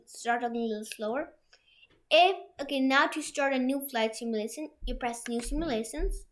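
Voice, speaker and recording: A young woman hosting a software tutorial from a room at home, talking it through in a rambling way with many restarts. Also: high voice, moderate pace. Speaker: tutorial host. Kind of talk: screen-share software tutorial.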